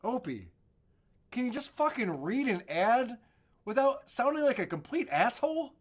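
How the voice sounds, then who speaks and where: A man's voice: extremely high pitch, very animated, moderate pace, breathy edge. A man co-hosting a podcast, casually commenting on radio clips with profane, mocking humor. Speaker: podcast co-host.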